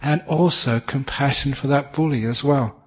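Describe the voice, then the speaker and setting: A man's voice: medium pitch, normal speed, breathy edge. English man giving a humorous dharma talk. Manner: gentle, humorous storyteller who laughs at his own jokes. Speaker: Buddhist teacher.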